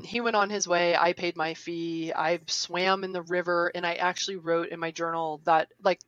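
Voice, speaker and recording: A woman's voice: fairly low pitch, fairly bright tone, dry recording, highs cut off. Chatty woman telling a story, dry sound. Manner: chatty, laughs often, many fillers like "like" and "um". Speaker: interview guest. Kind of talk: casual spoken storytelling.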